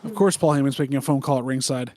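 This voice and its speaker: A man's voice: medium pitch, racing, crowd noise. A man co-hosting a wrestling podcast, chatting casually with wry, dry asides while reacting live over a call. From Chicago improv scene. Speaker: podcast co-host.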